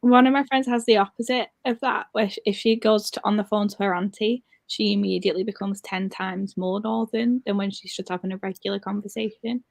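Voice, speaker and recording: A woman's voice: medium pitch, fairly even intonation, brisk, creaky, few pauses, no echo. A woman from northern England chatting casually over a video call, telling wry stories. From northern England, near Wigan. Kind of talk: casual chat.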